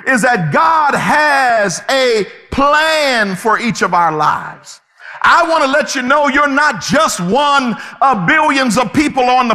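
A male pastor delivers a fiery sermon, his words often rising to a shout. His voice sits very high and rings bright and forceful. A long reverb trails behind him in a large church hall. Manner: impassioned preaching, often shouting.

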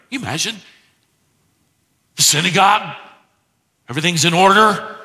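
Male preacher, emphatic teaching delivery, very bright tone, rhetorical questions. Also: high-pitched, moderate pace, pauses often, in a large hall. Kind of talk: expository sermon.

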